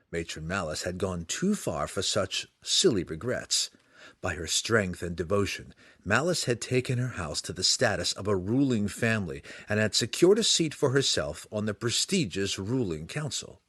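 Deep, expressive male audiobook narrator. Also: normal speed, slightly rough, no echo, clean studio sound. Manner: dramatic, expressive reading. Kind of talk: scripted fantasy narration.

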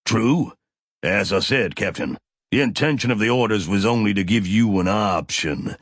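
A man reading an audiobook, voicing a smug, smooth male officer who speaks in a measured, dismissive way. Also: fairly low pitch, no room sound, clean studio sound. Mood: insistent.

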